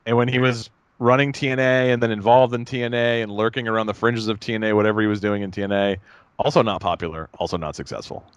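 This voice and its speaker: A man co-hosting a casual podcast, talking in a rambling, animated way with many fillers. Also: lowish voice, fast, smooth, dry recording. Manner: rambling, animated, lots of fillers and mock voices. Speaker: podcast co-host. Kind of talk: casual chat.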